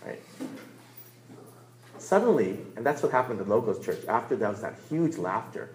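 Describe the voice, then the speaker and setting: Male pastor, mid-pitched, emphatic church teacher, recorded in an echoey room. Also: lively intonation, normal speed, a little mellow, a little hiss or hum. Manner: earnest, emphatic, repeats key words with rising stress.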